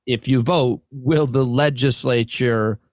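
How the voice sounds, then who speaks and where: A man, a comic and podcast host, talking as a guest on a casual podcast and building long, earnest arguments in quick bursts. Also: mid-range voice, fairly even intonation, a little mellow, dry recording, studio quality.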